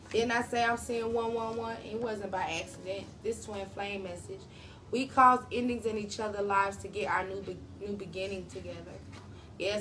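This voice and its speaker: A woman's voice: mid-range voice, fairly bright tone. A woman doing a casual tarot reading, talking straight to her viewers in a slangy, profane way. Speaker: tarot reader.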